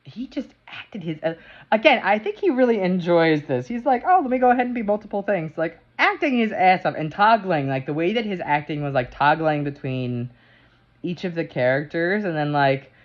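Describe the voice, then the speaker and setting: Animated woman reviewing a show, lo-fi. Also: low-pitched, moderate pace. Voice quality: animated, swears freely, lots of fillers and restarts. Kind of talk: casual review chat. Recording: dull lo-fi sound.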